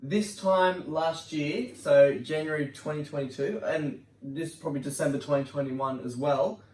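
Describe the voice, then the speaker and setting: Higher-voiced man hosting in an echoey room. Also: a little mellow, far from the mic. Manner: quick banter, laughs easily. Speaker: podcast host. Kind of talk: casual football chat. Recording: roomy sound from off-mic, faint noise.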